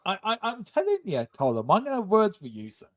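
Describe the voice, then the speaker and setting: A man's voice: high-pitched, huge pitch swings, quick pace, no echo, clean studio sound. A man hosting a casual live stream, jokey and teasing, reading viewers' chat aloud over a remote call. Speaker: livestream show host.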